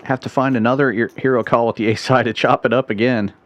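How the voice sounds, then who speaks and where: A man giving live poker play-by-play commentary in a brisk, playful way with puns, in a casino card room. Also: mid-range voice, steady tone, slight background noise.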